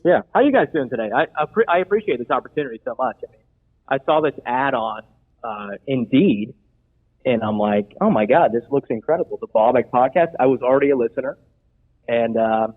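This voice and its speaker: A man's voice: mid-range voice, expressive, a little fast. An eager man rambles earnestly through a mock job interview, full of restarts and asides. His voice comes through thin and tinny, like a phone call. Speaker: comedic job applicant guest. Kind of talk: improvised comedy bit.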